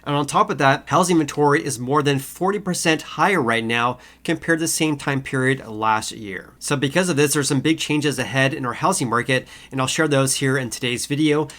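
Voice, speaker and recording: A man's voice: mid-range voice, brisk, few pauses, fairly bright tone. Nasal-voiced man with a cold. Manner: frequent uh fillers, repeats key figures. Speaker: housing market video host. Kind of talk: casual explainer talk to camera.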